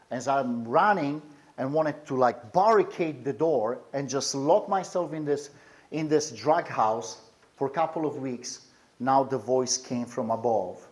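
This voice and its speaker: Man, personal testimony, earnest, intense, repeats himself, mid pitch. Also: unhurried.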